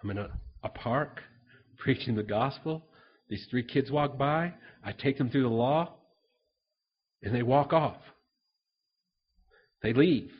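An earnest male preacher recounting stories from the pulpit, often doubling back on his words and voicing the people he met. His voice is husky and mid-pitched. The recording sounds dull and muffled. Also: slow pace, pauses often. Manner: earnest storytelling, repeats words, acts out dialogue. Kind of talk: sermon with personal stories.

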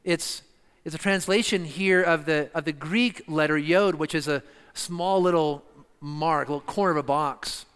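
A man preaching an expository sermon, emphatic and slowing down to stress key words. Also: on the high side, fairly bright tone, clean tone. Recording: long reverb of a church hall.

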